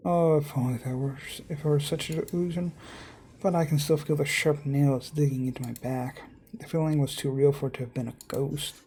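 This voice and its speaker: A man reading a visual novel aloud as narrator, steady with small slips and casual asides. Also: fairly high pitch, fairly quick, slight background noise. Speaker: let's-play narrator.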